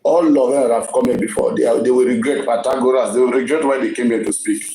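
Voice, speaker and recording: A man's voice: medium pitch, fairly even intonation, fast, mellow, reverberant, slight background noise, low-quality recording. Emphatic Nigerian man hosting a live stream. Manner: emphatic, repeats words often. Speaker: live-stream gossip host. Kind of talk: casual live-stream commentary.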